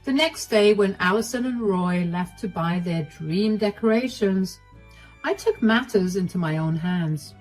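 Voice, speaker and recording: A woman narrating a first-person story in a steady, matter-of-fact way, with a husky voice. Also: mid-range voice, measured pace, faint music behind, poor audio.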